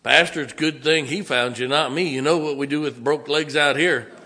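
A man's voice: on the high side, fairly even intonation, brisk, sharp tone. A man voicing a jovial, teasing older country farmer. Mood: joking. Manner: joking, folksy.

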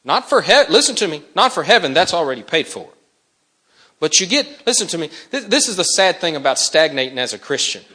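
A man's voice: on the high side, sing-song, brisk, sharp tone. A man preaching an impassioned sermon, urgently pressing the listeners and breaking into acted-out dialogue.

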